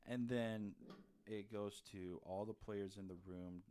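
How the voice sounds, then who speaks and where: A man's voice: lowish voice, steady tone, slow, mellow, smooth. A man co-hosting a podcast, casually recapping a film's plot with lots of fillers and restarts. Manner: rambling, many fillers and restarts. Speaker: podcast co-host. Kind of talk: casual movie review chat.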